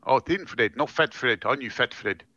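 A man's voice: mid-range voice, moderate pace, bright, forceful tone, dry recording, lo-fi sound. A man playing a tabletop character in a put-on South African accent, drawling and wheedling. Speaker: tabletop role-player. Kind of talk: in-character tabletop role-play.

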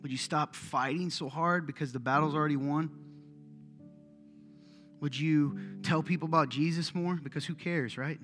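A middle-aged male pastor giving a casual, joking, animated sermon in a church. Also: fairly high pitch, normal speed. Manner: conversational, joking, animated preaching. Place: church sanctuary. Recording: echoey hall, soft guitar behind.

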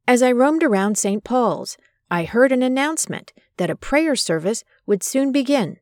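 A woman with a slightly high voice narrates a scripted podcast from a close microphone. She is measured and emphatic, and the sound is dry with no room echo. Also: a little mellow. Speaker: podcast host. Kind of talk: scripted narration of a personal story and biblical commentary.

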